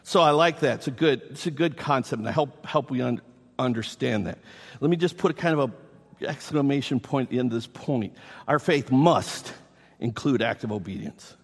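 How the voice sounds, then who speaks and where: Animated preaching man in a reverberant hall. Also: medium pitch, normal speed, breathy edge. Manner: animated, emphatic preaching with playful asides. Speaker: pastor. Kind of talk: sermon.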